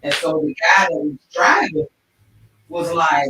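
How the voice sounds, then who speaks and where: A woman hosting a casual livestream chat show, telling stories in an animated, expressive way. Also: sits low, a little slow, noisy background. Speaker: talk show host. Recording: echoey room, distant mic.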